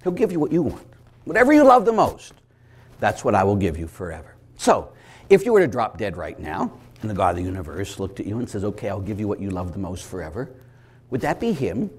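A Catholic priest giving a lively preaching talk, an animated storyteller with sudden loud bursts and chuckles. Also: male voice, lowish voice, brisk, husky.

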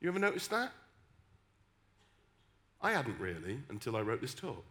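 A middle-aged man from the West Country with a West Country accent, preaching a sermon with humorous, animated storytelling and emphatic repetition. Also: mid-range voice, moderate pace. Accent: West Country English. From West Country, England.

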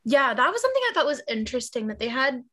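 A woman's voice: high-pitched, big pitch swings, rapid-fire, a bit bright. A woman co-hosting a podcast in casual chat, talking things through with examples. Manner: chatty, explains with examples. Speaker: podcast co-host.

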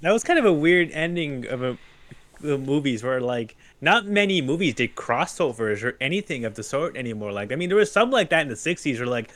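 Lively-pitched man in casual podcast chat. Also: fairly quick. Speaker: podcast co-host.

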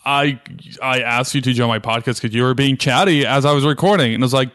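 A chatty, playful man joins a podcast as a guest, talking in quick bursts. His voice is smooth and clear, at a middle pitch for a man. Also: fairly bright tone. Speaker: podcast guest, fellow host. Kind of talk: casual podcast chat. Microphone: remote call recording.

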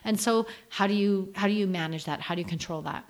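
A woman's voice: medium pitch, quick pace. A middle-aged woman telling her story frankly on a podcast, acting out quotes as she goes. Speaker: podcast guest. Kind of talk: candid podcast conversation.

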